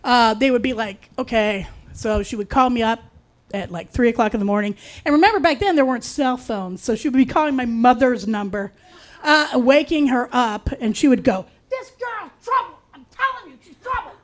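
A woman tells a personal story with a high voice and a loose, conversational delivery. She drops wry, deadpan asides along the way. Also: moderate pace.

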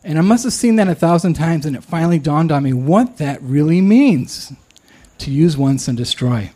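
A man telling a true personal story, candid and self-deprecating, often pausing and restarting. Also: fairly high pitch, animated, mellow.

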